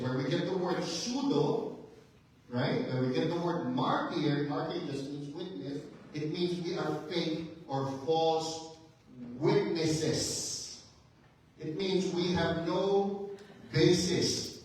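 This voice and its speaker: A man's voice: a little high, slow. A male pastor preaching a sermon with emphatic rhetorical questions, building to fervent intensity. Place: church sanctuary. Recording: very echoey church hall, mic at a distance.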